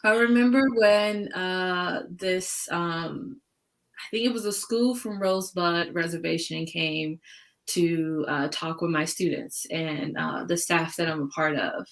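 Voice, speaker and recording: A woman's voice: on the low side, measured pace. A woman in a book club discussion on a video call, talking casually and hesitantly, searching for words and laughing often. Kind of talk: casual chat.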